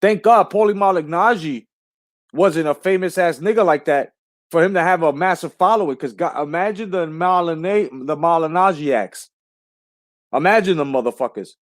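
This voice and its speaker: A man's voice: a little high, moderate pace, dry recording. Profane, heated man hosting a boxing livestream. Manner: profane, heated, repeats himself. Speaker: livestream host. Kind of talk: casual livestream boxing talk.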